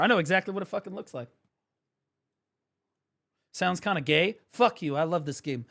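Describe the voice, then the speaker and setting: A young man streaming a game, ranting and swearing excitedly as he explains it. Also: high-pitched, normal speed, gravelly, pauses often. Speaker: gaming streamer. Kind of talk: live gaming commentary.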